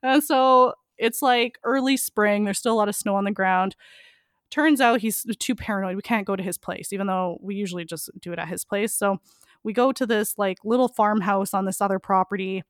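A woman's voice: medium pitch, moderate pace, no room sound, clean studio sound. A young woman telling a frank story as a podcast guest, laughing often and saying "like" a lot. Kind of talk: casual storytelling.

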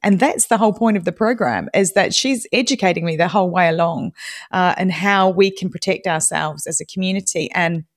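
Lively woman telling stories. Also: on the low side. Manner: lively storyteller, quick laughs, acts out her own past reactions. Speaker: podcast co-host and guest. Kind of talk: casual podcast chat.

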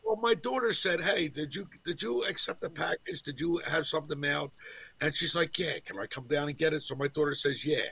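Middle aged dude, kinda high for a guy, gravelly and husky, swearing thru a story. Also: fairly quick, bright, forceful tone, dry recording. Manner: swears freely, tells stories with quoted dialogue. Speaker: co-host. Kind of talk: casual profane banter.

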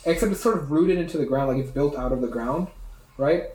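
A man's voice: a little high, fairly quick, mellow, slight background noise. A man running a tabletop game as game master, rambling through his narration with many fillers. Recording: echoey room.

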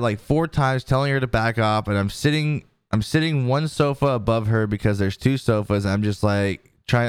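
A man with a low, smooth voice hosts a podcast, reading news articles aloud in a casual way. He often stops, says "um" and repeats himself. The sound is dry and close, with no room echo. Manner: reads aloud with frequent fillers and restarts. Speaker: podcast host.

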